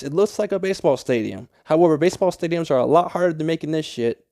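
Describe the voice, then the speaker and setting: A man's voice: on the high side, lively intonation, fast talker, mellow, dry recording, clean studio sound. A young man talking through a game tutorial in a casual, rambling way, swearing often and easily annoyed. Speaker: Minecraft tutorial creator. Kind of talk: casual gameplay tutorial voice-over.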